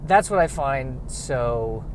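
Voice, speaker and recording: A grieving man talking through a reflective personal monologue, halting and rambling, with self-deprecating asides. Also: medium pitch, expressive, a little hiss or hum.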